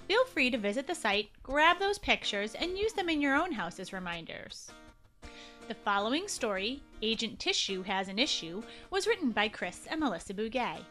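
A woman hosting and narrating a children's story show with an animated, expressive reading. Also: sits high, normal speed, faint music behind.

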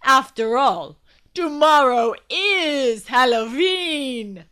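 A booming, theatrical vampire pianist, as a woman puts him on, drawling each word with big swoops of pitch. The voice is bright and projected, made for a storybook read-aloud. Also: sing-song, extremely slow, clear, resonant tone, heavily acted. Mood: indignant. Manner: loud and theatrical. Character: pale vampire pianist, dramatic and loud.

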